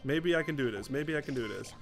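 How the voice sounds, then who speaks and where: A man's voice: mid-range voice, expressive, fast talker, music in the background. A young man from the Netherlands chatting casually over gameplay, swearing often and restarting his sentences in exasperation. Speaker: gaming streamer.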